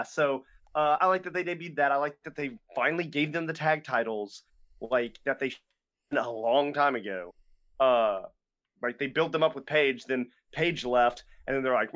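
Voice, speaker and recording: A young podcast co-host with a mid-range, slightly bright voice chats casually, rambling along with lots of fillers and restarts.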